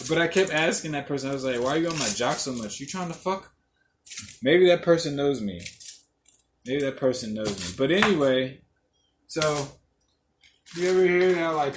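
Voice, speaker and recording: A young man hosting a podcast alone, telling rambling, profane stories and laughing often. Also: on the high side. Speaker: podcast host. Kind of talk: casual monologue. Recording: echoey room, faint noise.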